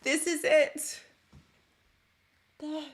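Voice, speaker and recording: A woman's voice: sits high, little pitch movement, very slow. A young woman chatting on a live stream, thanking viewers by name as she talks. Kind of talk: casual live stream chat.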